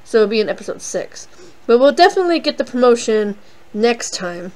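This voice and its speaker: A woman's voice: a little high, very animated, a little fast, a little mellow, poor audio. A young woman hosting a casual game playthrough, rambling and self-deprecating with lots of fillers. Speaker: let's play host.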